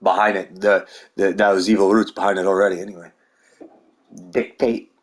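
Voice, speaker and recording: Profane man ranting, lowish voice. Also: little pitch movement, moderate pace. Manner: profane, rambling, heated. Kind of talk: ranting monologue.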